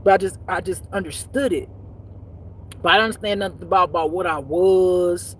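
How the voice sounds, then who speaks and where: A woman telling a personal story as a spiritual life teacher, in a blunt, profane, animated way that swings between loud and hushed. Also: lowish voice, brisk, a little hiss or hum. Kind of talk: casual storytelling monologue.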